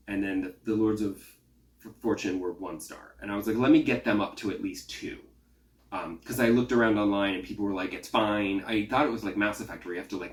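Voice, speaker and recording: A man hosting a gaming podcast, chatting casually and acting out his own reactions and the game's characters in quick quotes. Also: lowish voice, recorded from a distance. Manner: chatty, acts out quotes of himself and game characters. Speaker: podcast host. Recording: echoey room, off-mic.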